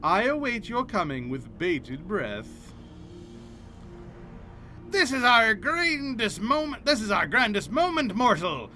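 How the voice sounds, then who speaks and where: Guy reading out a solemn old god, high lively voice, grand and formal. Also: takes it slowly, faint music behind, full character voice. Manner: archaic, declaiming read-aloud delivery.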